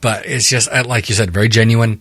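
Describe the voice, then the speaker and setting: A man hosting a podcast, reflecting on the interview in a measured way. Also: lowish voice, fairly even intonation, a bit bright, dry recording. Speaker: podcast host. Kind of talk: casual podcast chat.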